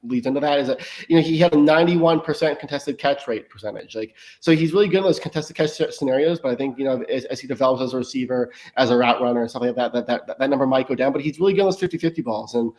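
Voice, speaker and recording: A man speaks at a brisk clip as a guest on a casual podcast. He stumbles and repeats himself often, restarting his sentences as he works through his points. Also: mid-range voice, a little mellow. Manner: rapid talk with frequent stammered restarts.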